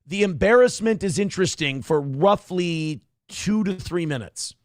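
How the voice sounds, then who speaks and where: A man's voice: high-pitched, expressive, measured pace, no echo, studio quality. A man hosting a livestream show, reading chat messages aloud and ranting bluntly with lots of profanity. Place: home studio.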